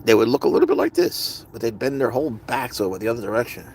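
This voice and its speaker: A man's voice: medium pitch, expressive, fast, gravelly, a little mellow, a little hiss or hum. A man hosting a live stream, chatting casually and rambling as he answers viewers' comments. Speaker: livestream host.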